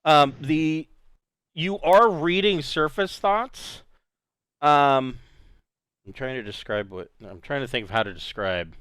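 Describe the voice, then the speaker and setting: A man narrating as game master of a tabletop game, often pausing to search for words. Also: on the high side, a bit bright, clean tone, dry recording.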